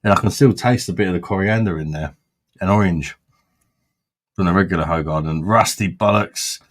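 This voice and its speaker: A man's voice: deep voice, normal speed. Blunt, sweary man reviewing beer. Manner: blunt, sweary, laughs often. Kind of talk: casual chat.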